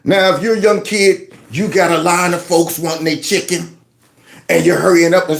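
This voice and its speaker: A man's voice: high voice, fairly even intonation, normal speed, creaky. A man hosting his own channel, reacting to news clips with mocking, sarcastic commentary and talking back to what he plays. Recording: roomy echo.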